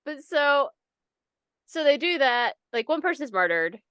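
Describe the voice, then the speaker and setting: A young adult woman co-hosting a podcast in casual chat, animated and swearing, acting out people's reactions. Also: high voice, unhurried, no room sound, studio quality. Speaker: podcast co-host.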